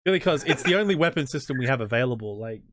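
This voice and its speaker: An Australian man hosting a history channel, chatting casually in an interview, joking and self-deprecating with halting restarts. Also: mid-range voice, lively intonation, a bit bright.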